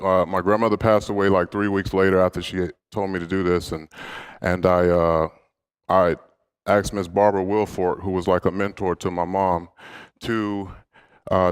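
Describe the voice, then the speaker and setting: A man's voice: low-pitched, smooth. A man giving a motivational speech to a live audience, telling personal stories in a candid, humorous way. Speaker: motivational speaker. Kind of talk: inspirational storytelling speech.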